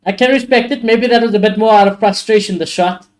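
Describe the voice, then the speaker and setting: A young man hosting a live football watchalong, reacting excitably to the play and swearing freely. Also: high-pitched, fast talker. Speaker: watchalong host.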